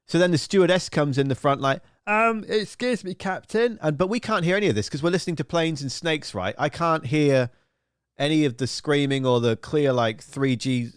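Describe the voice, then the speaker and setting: A man's voice: medium pitch, dry recording, clean studio sound. A man hosting a live radio stream, chatting casually and telling a rambling, profane, jokey story full of silly acted-out voices.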